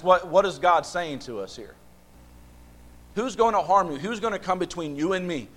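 A man's voice: high voice, fairly bright tone. A man leading a Bible study, asking the group questions and repeating phrases for emphasis. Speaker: Bible class teacher.

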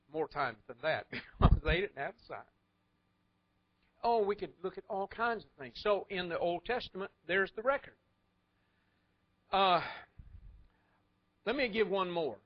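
A man delivers a sermon, telling its stories in a folksy, wry way. His voice sits a little high. The recording is dull and lo-fi. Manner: folksy storytelling with wry asides and chuckles. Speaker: preacher. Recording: muffled lo-fi recording.

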